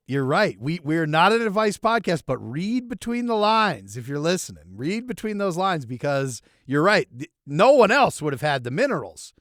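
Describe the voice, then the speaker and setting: A man co-hosting a casual sports podcast, talking in a lively, self-mocking way with laughs, swearing and restarts. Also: on the high side, no room sound, clean studio sound. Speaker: podcast co-host. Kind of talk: casual chat.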